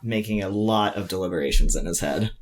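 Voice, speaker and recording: A woman's voice: a bass voice, fairly quick. A woman player casually narrating what her character does in a tabletop game.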